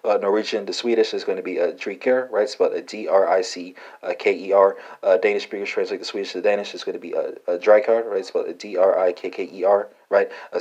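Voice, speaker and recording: A man giving a casual language lesson, talking haltingly with many "uh"s and "right?" tags. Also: low voice, darkish tone. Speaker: language teacher. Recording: dull lo-fi recording.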